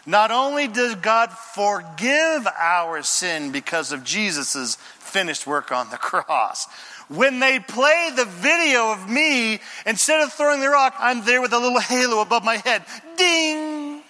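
A man's voice: sits high, expressive, measured pace, sharp tone, long reverb tail. A man preaching a sermon as pastor, telling a story with sound effects and little character voices.

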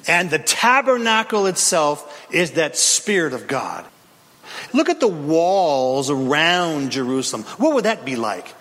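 A man preaching a dramatic, impassioned sermon, shouting at peaks, in a reverberant hall. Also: a little high, sing-song, a little slow. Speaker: pastor.

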